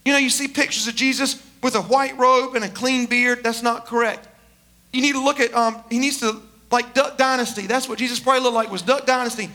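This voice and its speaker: A male preacher delivers a sermon with animated, emphatic storytelling. His voice sits very high and sounds bright. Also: brisk.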